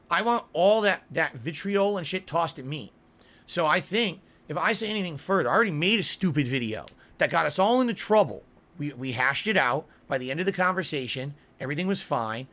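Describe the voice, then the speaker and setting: A man's voice: a little high, sharp tone. A man in a heated, insistent monologue, ranting and repeating words for emphasis. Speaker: online video creator.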